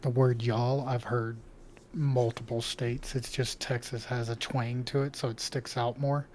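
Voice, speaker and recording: A man's voice: medium pitch, flat delivery, a little slow, darkish tone, a little hiss or hum. A man in voice chat during a game, telling stories in an easygoing way. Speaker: fellow player in voice chat. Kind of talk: casual chat.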